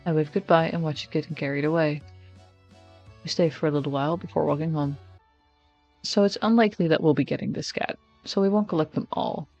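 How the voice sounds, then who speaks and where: A man's voice: on the high side, steady tone, fairly quick, a little mellow, dull audio, faint music behind. A man streaming, reading a text game aloud in first person with casual, wry asides. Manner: casual, wry asides between narrated lines.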